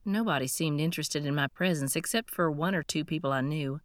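Low-voiced woman reading an audiobook. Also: a little fast, no echo, clean studio sound. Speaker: audiobook narrator. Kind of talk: scripted first-person narration.

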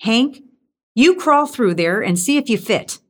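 A woman's voice: a little high, expressive, unhurried, voice pushed up. A woman reading aloud and voicing a stern, bossy older church housekeeper who speaks in an accusing, disdainful way.

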